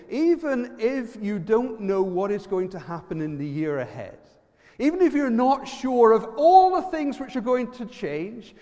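A man with an Irish accent preaching a lively sermon, quizzing the congregation and using props. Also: sits high, long reverb tail.

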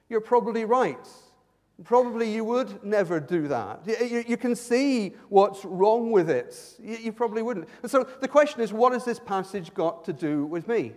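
Raised in Ireland, this pastor preaches conversationally in a church hall, his high-pitched, slightly mellow voice echoing in the large space. He makes joking asides and repeats words as he starts sentences.

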